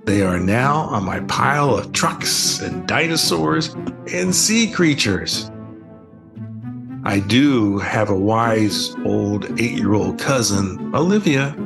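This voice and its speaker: An older man, the author, reading his children's book aloud as a slow, expressive bedtime story. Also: fairly low pitch, gravelly, over music.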